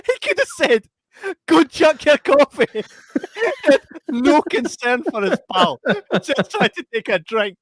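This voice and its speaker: A young man co-hosting a podcast, laughing often and acting out film scenes with loud yelps. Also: very high-pitched, big pitch swings, a little slow, gravelly, no echo, studio quality. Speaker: podcast co-host. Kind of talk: casual podcast chat.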